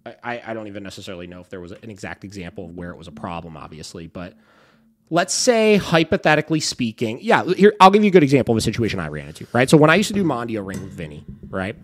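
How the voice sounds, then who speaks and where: A man's voice: fairly low pitch, very animated, quick pace. A young man hosting a dog training podcast, explaining emphatically in a casual way, often asking "right?" and swearing now and then.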